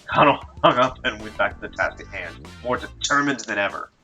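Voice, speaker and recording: A man reading a visual novel's narration aloud in an expressive way, then chatting casually. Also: lowish voice, brisk, soft background music, low-quality recording. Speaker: let's play narrator.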